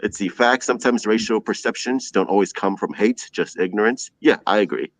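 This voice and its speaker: A man's voice: fairly low pitch, brisk, no echo. A man hosting a livestream show, chatting casually, reading viewer comments aloud and laughing often.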